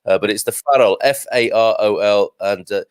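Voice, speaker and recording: A man's voice: lowish voice, normal speed, smooth, dry recording. A man hosting a casual chat, enthusiastic and effusive. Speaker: host.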